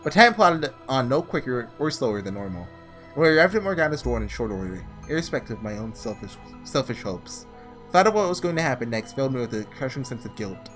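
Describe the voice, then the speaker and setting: A man reading aloud the halting first-person narration of a guilt-ridden young man in a visual novel. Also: mid-range voice, sing-song, fairly bright tone, faint music behind.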